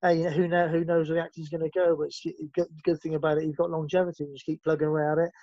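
A man's voice: fairly high pitch, flat delivery, rapid-fire, a little mellow, dry recording, lo-fi sound. A man with a West Country English accent, an actor and former boxer chatting as a guest in a rambling, easygoing way with lots of restarts. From West Country of England. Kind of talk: casual interview chat.

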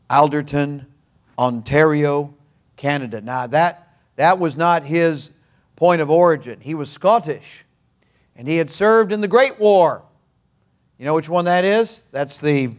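An older man preaching a sermon in a folksy, earnest way, with humorous asides. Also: on the high side. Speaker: pastor.

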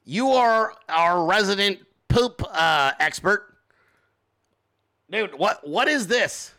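A man's voice: high-pitched, animated, slow pace, pushed and bright. A man hosting a show, talking in a casual, rambling, profane and joking way, including informal sponsor reads. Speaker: show host. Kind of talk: casual live-stream commentary.

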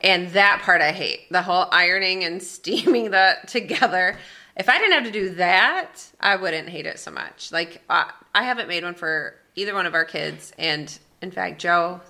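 A woman's voice: fairly low pitch, moderate pace, sharp tone. A woman co-hosting a podcast, bantering back at her husband and playfully defending herself in casual chat. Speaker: podcast co-host.

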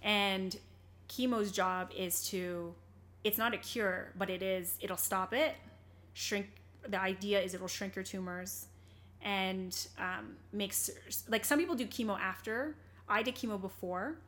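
A woman's voice: medium pitch, a little slow, fairly bright tone. A young woman sits as an interview guest and tells her own story with open candor. She sounds earnest and rambles, restarting her sentences and leaning on small fillers as she talks her way through. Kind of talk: candid personal storytelling in conversation.

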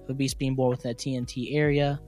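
Speaking fast in a medium, level, slightly mellow voice, this young West Virginian co-host reads cryptid tales from his notes. He keeps it chatty and giggly, laughing a lot, with faint music playing behind him.

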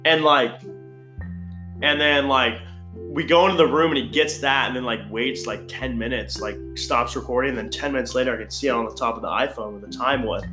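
A man's voice: mid-range voice, a little fast. A young man telling a crude party story in casual chat, rambling and full of "like". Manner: rambling, crude, filler-heavy with frequent "like". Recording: echoey room with faint guitar music.

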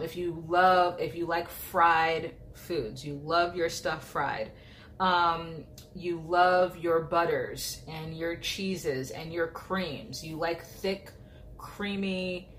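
A woman's voice: on the low side, a bit bright, a little hiss or hum. A young adult woman coaching on nutrition in a casual, chatty way, often checking in with "okay?". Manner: chatty, informal, lots of "like" and "okay?". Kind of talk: casual educational talk to camera.

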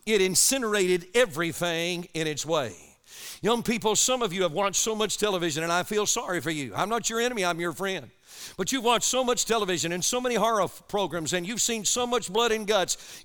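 A man's voice: high-pitched, sharp tone, clean tone. A man preaching an urgent, impassioned sermon to young people at a camp. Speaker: evangelist preacher.

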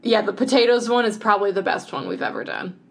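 A woman's voice: medium pitch, big pitch swings, fast, vocal fry. A woman co-hosting a podcast, chatting casually with lots of fillers and frequent laughs. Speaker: podcast co-host. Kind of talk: casual chat.

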